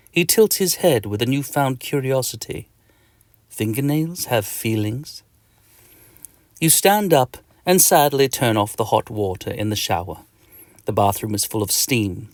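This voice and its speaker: A man narrating a children's audiobook in the second person, telling the story in a lively way. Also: on the low side, dry recording, clean studio sound. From Australia. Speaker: author and narrator.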